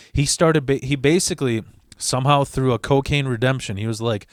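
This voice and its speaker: This is casual storytelling from a channel host, a man who rambles and swears, restarting himself and wandering into asides. He speaks fairly quickly at medium pitch, recorded dry and close without any room sound.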